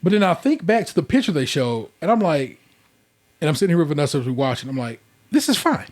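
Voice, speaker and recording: A man's voice: fairly high pitch, lively intonation, fast, a little mellow. A man hosting a casual podcast, recapping in a rambling, conversational way with lots of fillers. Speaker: podcast host. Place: indoor room, recorded in person.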